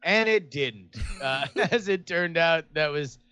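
A man's voice: a little high, animated, takes it slowly, bright, forceful tone, clean tone, faint music behind. A man co-hosting a podcast, chatting casually with dry, wry asides. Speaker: podcast co-host. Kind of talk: casual chat. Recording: dull lo-fi sound.

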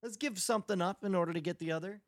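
A man co-hosting a podcast, chatting casually and telling animated comic scenarios with frequent laughter. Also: high voice, very fast, slight background noise. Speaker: podcast co-host. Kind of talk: casual comedic chat.

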